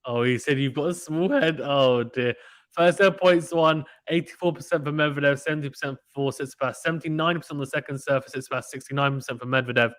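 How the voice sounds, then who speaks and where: A man doing casual live play-by-play tennis commentary, reading out chat messages in an excitable, slangy way. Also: a little high, quick pace, no room sound. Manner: chatty, excitable, uses British slang.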